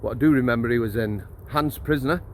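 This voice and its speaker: A man's voice: mid-range voice, fast talker, slight background noise. A middle-aged man, a former prison officer telling stories in a chatty, blunt, jokey way. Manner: chatty, blunt and jokey, laughs mid-story, addresses viewers as guys. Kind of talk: casual storytelling to camera.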